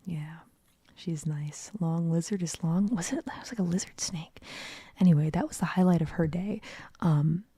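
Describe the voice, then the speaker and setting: A woman's voice: fairly low pitch, moderate pace, dark tone, slightly rough, dry recording. A young woman whispering through a long, rambling late-night story, with frequent restarts. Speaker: streamer.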